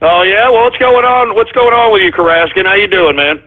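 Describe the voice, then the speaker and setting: A man's voice: high voice, animated, a little fast. A man hosting a call-in radio show, rambling and exasperated, repeating himself as he talks to callers. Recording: tinny phone-like radio audio.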